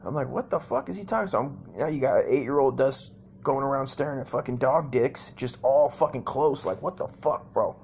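A man's voice: mid-range voice, fairly even intonation, moderate pace, slight background noise. A man telling loose, profane stories from his childhood in a casual comedy monologue. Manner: profane, rambling, mimics voices loudly. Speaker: comedy storyteller. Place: home.

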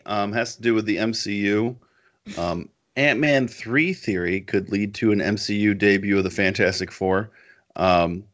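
A man with a low, bright, forceful voice co-hosts a casual podcast, animated and joking. He reads aloud with plenty of emphasis. The sound is dull and lo-fi. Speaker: podcast co-host. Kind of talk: casual chat.

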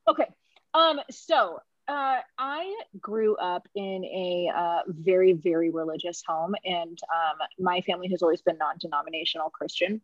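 A woman's voice: fairly low pitch, moderate pace, no echo, lo-fi sound. A woman candidly telling her personal story on a podcast, emotional and laughing through tears, with many fillers. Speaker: podcast guest.

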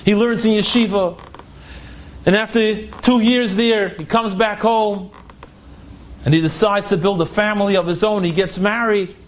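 A man's voice: high-pitched, steady tone, normal speed, slight background noise. A man telling an inspirational story dramatically, acting out the dialogue and repeating phrases for effect.

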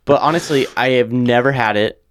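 A man's voice: mid-range voice, fairly quick, smooth. A man co-hosting a podcast, chatting casually and chiming in with crude jokes. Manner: joking, crude, chimes in with wisecracks. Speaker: podcast co-host. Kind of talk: casual chat.

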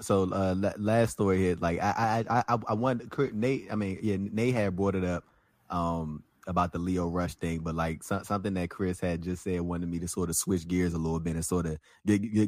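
A man hosting a casual podcast chat, talking in halting bursts with many restarts and reading excerpts aloud. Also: low voice, steady tone, darkish tone, no room sound. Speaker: podcast host.

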